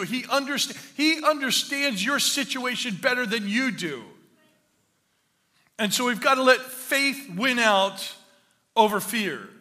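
A male pastor preaches with a high, bright voice that rings through a large hall with a long echo. He tells stories that poke fun at himself, then builds to emphatic points, and his words hang in the reverb of the room. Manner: storytelling with self-mocking humor, then building to emphatic preaching. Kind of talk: sermon. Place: church hall.

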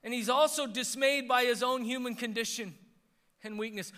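Bright-voiced man preaching in a hall. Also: extremely high pitch, moderate pace. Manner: animated preaching, swings between hushed and emphatic. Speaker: pastor. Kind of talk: sermon. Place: church sanctuary.

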